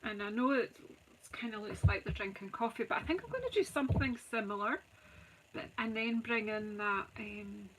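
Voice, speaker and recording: A woman's voice: mid-range voice, normal speed, fairly bright tone, slight background noise, low-quality recording. A Scottish woman hosting a live crafting stream, chatting and joking with viewers as she works and greeting them by name. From Scotland. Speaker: craft channel host.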